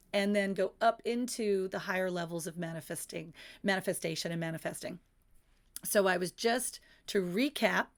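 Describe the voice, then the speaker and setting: Middle-aged woman, livestream host and coach, mid-pitched, earnest, instructive. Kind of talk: casual live-stream teaching.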